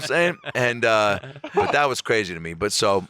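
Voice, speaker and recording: A comedian telling a personal story in casual podcast chat, swearing freely and acting out quoted lines with big jumps in pitch. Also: male voice, moderate pace, smooth, dry recording. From Reno, Nevada area. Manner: animated, swears a lot, acts out quotes with sharp jumps in pitch. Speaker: comedian guest.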